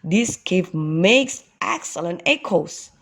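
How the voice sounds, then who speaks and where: A woman voicing a kind, gentle father ox in a children's storybook, speaking slowly. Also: fairly low pitch, lively intonation, heavily acted.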